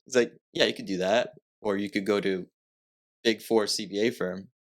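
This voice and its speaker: A man's voice: on the low side, steady tone, moderate pace. A young man from Massachusetts, a podcast guest, telling a story in casual chat, rambling with lots of filler words and self-corrections.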